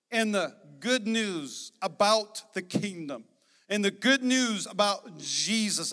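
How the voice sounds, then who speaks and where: A man preaching a sermon as pastor, energetic and emphatic, with joking asides to the congregation. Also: high voice, big-room sound. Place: church sanctuary.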